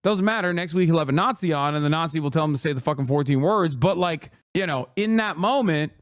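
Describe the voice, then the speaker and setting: A man's voice: on the high side, fast talker, dry recording, studio quality. Profane, sarcastic man streamer. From Turkey. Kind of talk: live-stream reaction and rant.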